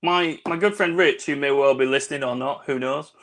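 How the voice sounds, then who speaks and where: A man's voice: mid-range voice, fairly quick, a bit bright. A man co-hosting a casual video-call cocktail chat, rambling and swearing between laughs. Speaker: co-host.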